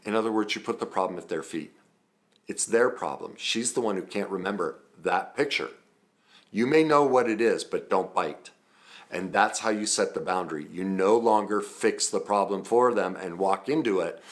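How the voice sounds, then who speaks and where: Guy teaching recovery stuff through his own stories, kinda low voice, lots of ums, super earnest. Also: moderate pace. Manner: conversational and earnest, with frequent ums and self-corrections. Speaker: trauma recovery coach. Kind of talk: teaching talk with personal stories.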